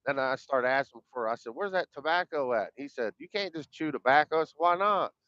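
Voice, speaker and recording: A man's voice: mid-range voice, a little fast, a bit bright, no room sound. A man telling a personal story in a folksy, rambling, colloquial way, acting out the dialogue. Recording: dull lo-fi dry sound.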